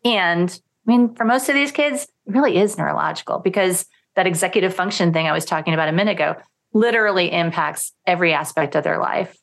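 A middle-aged woman talking as a parenting coach in a podcast interview, animated and acting out quoted thoughts. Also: fairly low pitch, fast talker, gravelly. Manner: animated, acts out quoted thoughts in lively voices.

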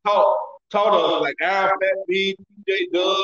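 Man in his sixties, very high voice, emphatic, repeats himself, distant mic, echoey and dull. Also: steady tone, normal speed, a bit bright. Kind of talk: casual reminiscing. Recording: roomy, distant, dull sound.

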